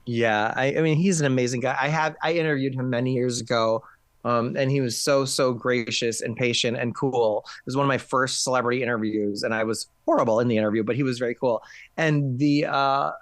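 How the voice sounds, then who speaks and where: A man talking about films in casual chat, quick and enthusiastic, with many restarts. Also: medium pitch, steady tone, no room sound. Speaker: film critic.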